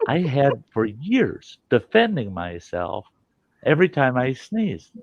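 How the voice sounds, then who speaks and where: A man's voice: medium pitch, wildly swooping pitch, takes it slowly, no room sound. A man hosting a casual show and telling rambling, swearing anecdotes. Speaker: host. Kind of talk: casual storytelling. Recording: dull lo-fi dry sound.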